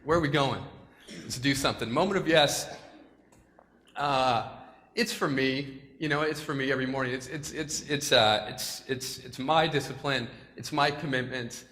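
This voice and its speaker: A man's voice: mid-range voice, moderate pace, pushed and bright. A man giving a casual, joking motivational talk to a school assembly, chatty and self-deprecating, at times choked up. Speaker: speaker addressing a school assembly. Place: large hall with an audience. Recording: long hall reverb, faint room noise.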